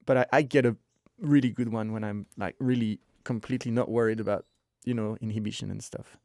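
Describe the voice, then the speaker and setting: A man hosting a live podcast stream in casual chat, joking and thinking out loud while he waits for a guest. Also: lowish voice, fairly even intonation, brisk, vocal fry, no room sound, clean studio sound. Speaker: podcast host.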